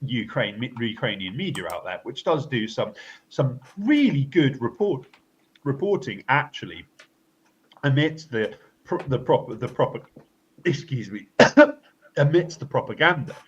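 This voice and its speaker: A man hosting a political commentary podcast, talking in a halting way with many fillers and restarts. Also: mid-range voice, big pitch swings, a little hiss or hum. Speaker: co-host. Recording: slightly dull lo-fi audio.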